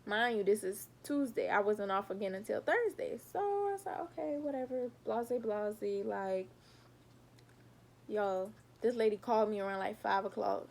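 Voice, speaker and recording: A young woman sits in front of her camera and tells a personal story to her viewers in a loose, chatty way. She speaks directly to them and retells the moments with plenty of animation, at an everyday mid pitch. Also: moderate pace, gravelly, darkish tone. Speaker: vlogger telling her own story. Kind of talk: casual storytime vlog.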